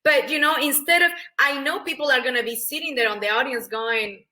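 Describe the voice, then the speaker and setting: A woman's voice: high-pitched, fairly quick, sharp tone. A middle-aged woman from Mexico with a Mexican Spanish accent, talking emphatically as an interview guest and acting out quoted voices. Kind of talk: animated interview talk.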